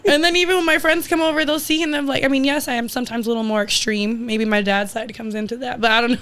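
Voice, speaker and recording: A young woman chatting as a podcast guest, telling family stories in a blunt, animated way with plenty of laughter. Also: on the high side, fast, clear, resonant tone. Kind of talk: casual chat.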